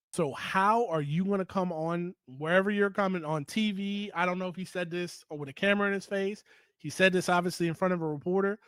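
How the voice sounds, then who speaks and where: A man's voice: high-pitched, a bit bright, no room sound. A man giving an opinionated political commentary monologue, heated and emphatic, repeating points for stress.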